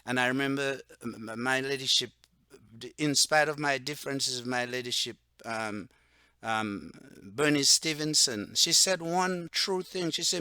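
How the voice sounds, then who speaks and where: Man with Patois roots, self-styled religious leader, off-the-cuff monologue; smooth, dry close-mic sound. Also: medium pitch, pushed and bright, dry recording. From Dominica. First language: Antillean Creole (Patois). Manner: rambling, repeats "okay?" and "right?", turns heated and slower when stressing points. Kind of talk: unscripted monologue to camera.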